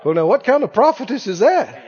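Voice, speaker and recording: A man preaching a sermon, telling a story from his own life in an animated way and laughing as he tells it. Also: very high voice, fairly quick. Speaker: pastor. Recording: dull sound with long hall reverb.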